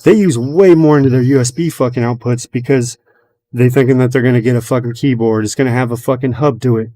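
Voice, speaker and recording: Man, casual podcast talker, mid-pitched, constant cursing, rambling story with filler words and acted-out quotes. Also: steady tone, fast talker, mellow. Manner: retells his own and others' words as quoted dialogue. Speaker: podcast host. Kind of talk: casual chat.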